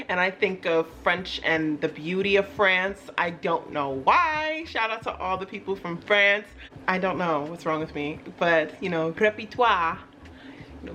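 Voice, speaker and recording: A woman's voice: fairly low pitch, fairly bright tone, a little hiss or hum. A young woman hosting her own channel, talking in a chatty, rambling, self-deprecating way. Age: young adult. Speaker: YouTube host. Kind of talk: casual vlog chat.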